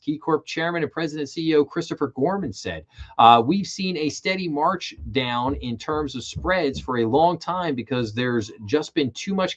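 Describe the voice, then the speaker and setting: A man's voice: on the high side, muffled recording. A man hosting a livestream, reading banking headlines aloud and adding casual commentary with frequent fillers. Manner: casual, reads headlines then riffs with fillers. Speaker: show host. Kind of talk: livestream financial news commentary.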